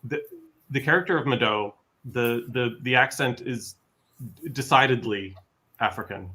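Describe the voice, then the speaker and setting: A man hosting a podcast who asks measured, probing questions in an interview. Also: medium pitch, pushed and bright. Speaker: podcast host.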